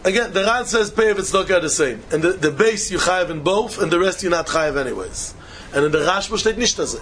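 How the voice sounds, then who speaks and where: High-voiced man teaching Talmud. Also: lively intonation, a little fast, fairly bright tone. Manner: questioning, repeats key points to press them. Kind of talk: Talmud study lecture.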